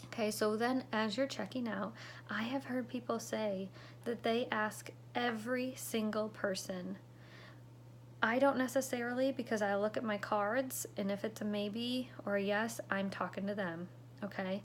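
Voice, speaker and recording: A woman coaches direct sellers in a relaxed, talky way, often pausing to check in with "okay?" and slipping into the lines she uses on customers. Her voice sits in an ordinary middle pitch. A faint room hum sits behind her. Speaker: direct sales consultant. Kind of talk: instructional talk to sales reps.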